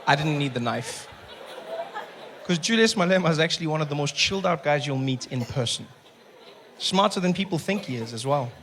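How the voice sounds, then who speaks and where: Animated South African stand-up comedian. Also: male voice, a little high, fairly quick, a faint crowd. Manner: animated, self-mocking, acts out his inner voice. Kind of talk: stand-up storytelling. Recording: live show with audience noise.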